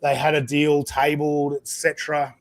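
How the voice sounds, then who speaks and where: A man hosting a live-stream podcast in a loose, chatty way, laughing often and filling pauses with "uh". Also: fairly high pitch, monotone. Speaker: podcast host. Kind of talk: casual live-stream chat.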